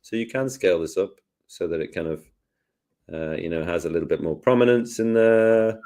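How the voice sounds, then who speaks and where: A man hosting a casual live software lesson, jokey and self-deprecating as he talks through each step. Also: sits low, moderate pace. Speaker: host, design tutor.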